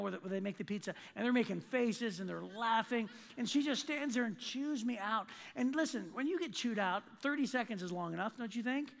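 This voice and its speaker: A man's voice: sits high, vocal fry. A man preaching a sermon in a church auditorium, telling a story and acting out the quotes. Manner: animated storytelling with acted-out quotes. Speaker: pastor. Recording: long hall reverb.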